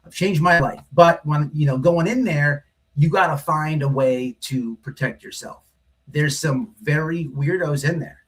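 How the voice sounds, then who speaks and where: Guy hosting a stream, kinda high voice, rambles and swears a lot, repeats himself. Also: measured pace. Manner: rambling, repeats himself, says "right?" often; blunt and profane. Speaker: livestream host. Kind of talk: casual storytelling monologue.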